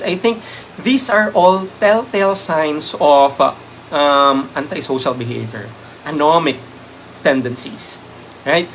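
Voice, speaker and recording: Male review lecturer, Filipino accent, slightly higher voice, Taglish, lots of fillers, faint noise behind him. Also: slow pace, a bit bright. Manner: Taglish code-switching, many "um" fillers; thanks viewers by name. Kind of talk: live-stream exam review.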